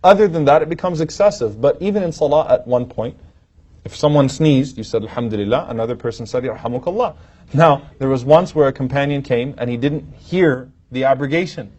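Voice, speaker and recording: Man giving a lively religious lecture. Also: mid-range voice, brisk. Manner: lively storytelling, acting out quoted lines with humor. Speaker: Islamic teacher lecturing. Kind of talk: religious lecture to a live audience. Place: lecture hall at a podium. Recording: dull, muffled lo-fi recording.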